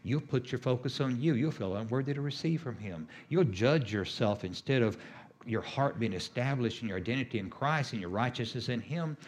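A man's voice: medium pitch, lively intonation, a little fast. A middle-aged man preaching a sermon as a healing minister, emphatic and repetitive, with sudden rises on key phrases.

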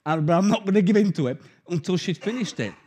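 A middle-aged man, preaching a sermon and telling a personal story in an animated, conversational way. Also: high-pitched, fast talker, slightly rough.

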